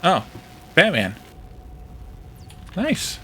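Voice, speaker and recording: A man's voice: sits high, huge pitch swings, drawn-out words, sharp tone, slight background noise. Joking man rambling over gameplay. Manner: rambling, joking, trying out foreign words. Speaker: streamer playing a modded factory game. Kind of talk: casual gameplay commentary with chat.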